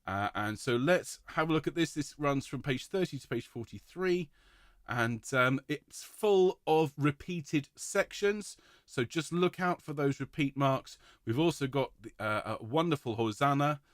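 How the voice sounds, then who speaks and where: A man's voice: a little high, animated, unhurried, no echo, clean studio sound. A man leading an online choir rehearsal, speaking with enthusiasm and praise and now and then singing a vowel to show it. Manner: enthusiastic, warm praise, demonstrates sung vowels. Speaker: choir director.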